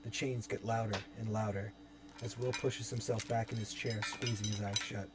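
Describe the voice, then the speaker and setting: A man's voice: fairly low pitch, little pitch movement, normal speed, heavy background noise. A young man narrating scene directions evenly in a dramatic reading of his own horror script. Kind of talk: dramatic script table-read. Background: background music.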